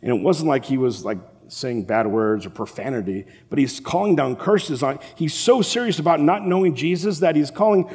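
A man preaching a sermon as a pastor, animated and acting out the voices of the people in the story. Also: fairly high pitch, moderate pace, hardly any pauses. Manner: animated, acts out the quoted voices. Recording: long reverb of a large hall.

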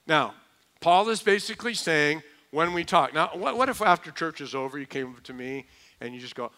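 Male pastor, middle-aged, fairly high and bright voice, chatty joking sermon delivery. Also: expressive, moderate pace. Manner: conversational, joking asides with mimicked voices. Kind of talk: expository sermon.

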